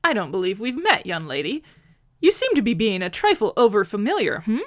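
A woman's voice: mid-range voice, sing-song, brisk, no echo, studio quality, voice pushed up, lightly acted. A woman putting on a fussy, haughty old man. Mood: fussy, indignant. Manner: prim, indignant, with a questioning "hmm".

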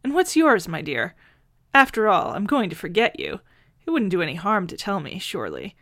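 A woman's voice: mid-range voice, huge pitch swings, normal speed, a bit bright, no room sound, studio quality, full character voice. A woman putting on a fussy, haughty old man. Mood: fussy, indignant. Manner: prim, indignant, with a questioning "hmm".

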